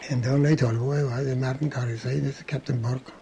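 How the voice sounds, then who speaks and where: A man's voice: mid-range voice, fairly even intonation, fast, creaky, dark tone, a little hiss or hum. An older man, telling rambling anecdotes in an oral history interview, chuckling and restarting as he goes.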